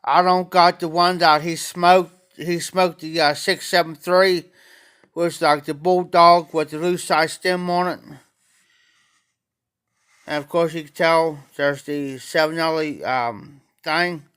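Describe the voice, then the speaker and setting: Slow-talking man, bright and clear. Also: a little high, fairly even intonation. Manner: slow, rambling, greeting chat viewers by name. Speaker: pipe-smoking livestream host. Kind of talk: casual livestream chat to viewers. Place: auction house, former bar room.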